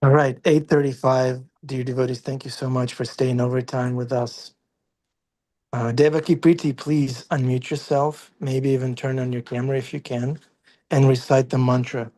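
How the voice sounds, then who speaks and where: Relaxed man moderating a class. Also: medium pitch, moderate pace. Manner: relaxed, humorous, hesitant. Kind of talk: casual chat.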